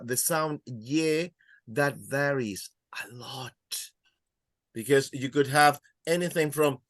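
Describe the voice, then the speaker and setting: Slow, patient male teacher. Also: a little high, a bit bright, no room sound. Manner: patient, repeats words slowly for students. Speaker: Spanish teacher. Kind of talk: classroom teaching.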